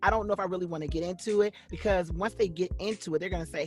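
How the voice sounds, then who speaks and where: Middle-aged woman, voiceover coach, animated interview talk, soft music behind. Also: on the low side, rapid-fire, few pauses. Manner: animated, acts out quoted voices. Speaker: voice-over actress and coach. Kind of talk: interview conversation.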